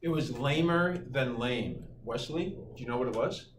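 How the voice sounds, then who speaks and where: A man's voice: medium pitch, normal speed. Playful middle-aged male teacher, echoey room. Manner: lively, playful, jokes with students. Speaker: calculus teacher. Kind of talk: classroom lecture. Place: high school classroom. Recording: echoey classroom from far off, noisy.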